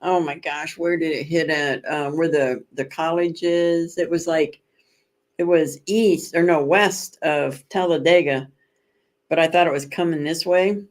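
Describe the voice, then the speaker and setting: Rambling, expressive woman chatting with viewers. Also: low-pitched, a little slow. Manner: rambling, self-correcting storyteller. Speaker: livestream host. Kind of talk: casual chat with viewers.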